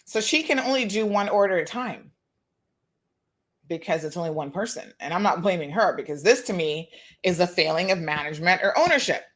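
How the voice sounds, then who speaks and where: A woman hosting a talk show, telling a lively story and acting out the people in it. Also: lowish voice, a little fast. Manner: animated, acts out quoted dialogue, laughs. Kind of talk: casual monologue, storytelling.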